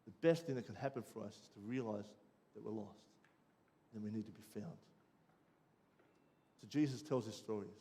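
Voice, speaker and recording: An Australian man preaching, telling a personal story with lively ups and downs before dropping quiet and low for the lesson. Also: moderate pace, pauses often, slight background noise. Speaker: pastor. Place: church.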